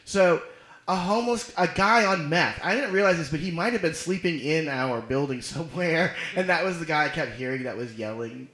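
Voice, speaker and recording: A man co-hosting a podcast, telling stories in an animated, swearing way with laughter. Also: a little high, normal speed, reverberant. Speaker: podcast co-host. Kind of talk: casual comedic storytelling.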